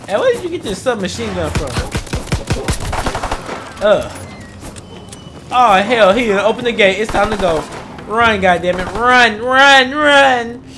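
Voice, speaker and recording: A man giving casual gameplay commentary as a gaming channel host, loud, profane and jokey, talking trash to the enemies. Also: high voice, expressive, a little slow, pauses often, background noise. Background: game music and gunfire.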